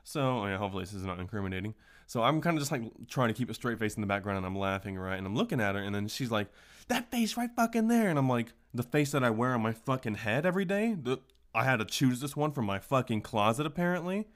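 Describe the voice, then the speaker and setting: A man's voice: mid-range voice, animated, fast, a bit bright. A man hosting a casual solo podcast, telling stories in a profane, ranting way. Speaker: podcast host.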